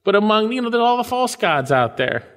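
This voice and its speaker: A man preaches a sermon in a somewhat higher voice, with a long reverb trailing his words through a large hall. He reads scripture slowly and weightily, rising to emphatic peaks and dropping to hushed, low asides. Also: very animated. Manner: preaches with wide swings between raised emphatic lines and low hushed ones. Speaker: pastor.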